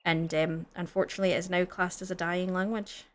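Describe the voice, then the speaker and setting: A woman from the Scottish Highlands with a Scottish accent, co-hosting a gaming video and chatting casually, rambling with lots of fillers and restarts. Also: flat delivery, brisk. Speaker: gaming channel co-host. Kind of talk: casual chat while gaming.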